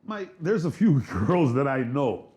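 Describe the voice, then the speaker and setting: A man's voice: mid-range voice, very animated, unhurried, dark tone. A man, co-hosting a podcast, telling rambling, profane stories and playing out both sides of old conversations. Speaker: podcast co-host. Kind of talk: casual storytelling chat.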